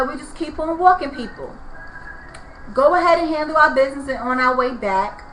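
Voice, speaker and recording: Angry ranting woman, bright high voice. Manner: heated, ranting, addresses viewers as "people" and "y'all". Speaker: vlogger. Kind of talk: angry storytime vlog. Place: apartment room. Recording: echoey room with faint noise.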